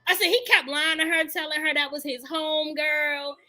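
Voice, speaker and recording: A woman's voice: sits high, steady tone, moderate pace, sharp tone. A woman podcast co-host, speaking frankly and emphatically from her own experience. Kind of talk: casual chat.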